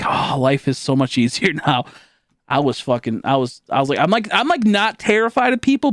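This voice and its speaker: A man's voice: sits high, no room sound, studio quality. A male streamer telling a story in a casual, rambling way while he plays a game. He swears a lot, fills his talk with "like," and keeps laughing at his own tale.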